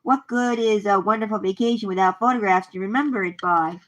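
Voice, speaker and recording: A woman reading a children's story aloud, voicing a cheerful bear father who talks briskly and eagerly. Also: medium pitch, highs cut off, a little hiss or hum, lightly acted.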